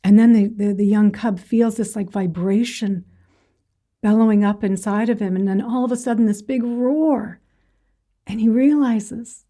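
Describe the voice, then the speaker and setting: A woman giving a spiritual talk as a meditation teacher, telling a parable in a gentle, meandering way with fillers. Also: medium pitch, steady tone, measured pace. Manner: gentle storytelling with fillers and restarts.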